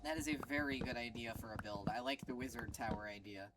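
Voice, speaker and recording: Excitable, foul-mouthed woman streaming a game. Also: very deep voice, quick pace. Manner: excitable, swears a lot, laughs often. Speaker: gaming streamer. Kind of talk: casual let's-play commentary. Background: game music.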